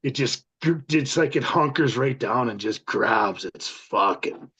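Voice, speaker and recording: A man's voice: mid-range voice, animated, slow, pushed and bright, slightly rough. A Canadian man hosting a casual chat, telling profane biker road stories. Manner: profane, storytelling. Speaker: podcast host. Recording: dull lo-fi sound.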